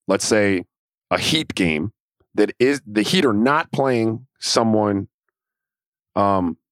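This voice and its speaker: A man's voice: fairly low pitch, fairly bright tone, no echo, studio quality. A man in his forties co-hosting a podcast in casual chat, laid-back and profane, telling stories at an easy pace. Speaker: podcast co-host.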